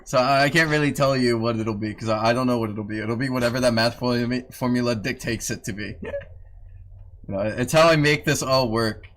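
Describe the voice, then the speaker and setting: A man's voice: mid-range voice, fairly quick, fairly bright tone. A man talks casually on a live stream from home, his voice sitting in an ordinary middle register. He teases his dog and grumbles about a tedious task, swearing freely and laughing at himself. A faint hiss of background noise sits under the recording.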